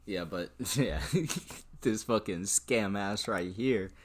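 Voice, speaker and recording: Slow-talking young man doing casual trade commentary. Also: lowish voice. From Arizona. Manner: casual, profane, laughing asides. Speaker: stock trading streamer. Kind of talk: live trading commentary.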